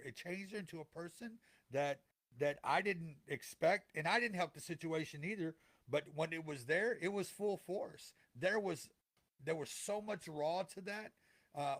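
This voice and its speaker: Man, middle-aged, fairly high voice, earnest, preachy, repeats phrases, motivational talk. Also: a bit bright. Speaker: podcast co-host.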